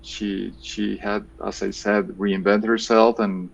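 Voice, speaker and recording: A man's voice: lowish voice, flat delivery, takes it slowly, vocal fry, muffled recording. A man in his fifties with a Colombian Spanish accent, answering interview questions hesitantly and repeating words as he thinks. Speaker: guest, engineering professor.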